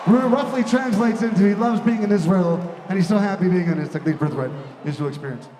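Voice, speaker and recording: A young adult man hosting a big live event with a handheld mic, shouting playful banter to the crowd. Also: high voice, fast. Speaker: emcee of a large live event. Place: large indoor hall with a big audience. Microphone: handheld microphone. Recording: echoey hall, mic heard from far off, music and crowd behind.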